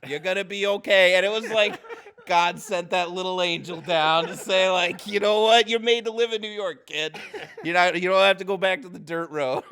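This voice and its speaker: A man's voice: high-pitched, fairly even intonation, normal speed, a bit bright. A man, a film-set grip, telling a long anecdote on a casual podcast, laughing often. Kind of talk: casual storytelling chat.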